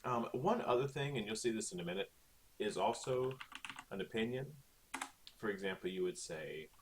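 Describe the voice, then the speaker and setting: Male teacher, low voice with lively swings, chatty and explanatory, recorded at a desk. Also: normal speed, background noise. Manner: chatty, explains with frequent "okay?" checks. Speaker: Spanish teacher. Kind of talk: recorded online lesson.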